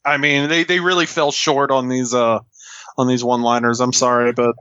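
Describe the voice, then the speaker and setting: Guy guesting on a podcast, bright fairly high voice, lots of stammered restarts, dry dull-sounding mic. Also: level tone, normal speed, smooth, no room sound. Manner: stammering restarts, exasperated asides. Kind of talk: casual chat.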